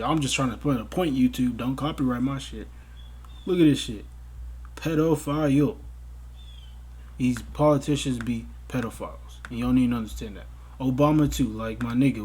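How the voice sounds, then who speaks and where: A man's voice: medium pitch, slightly rough. A young man giving a casual, profane commentary rant, exasperated and bursting into outraged exclamations. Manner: profane, exasperated, animated outbursts. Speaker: commentary vlogger.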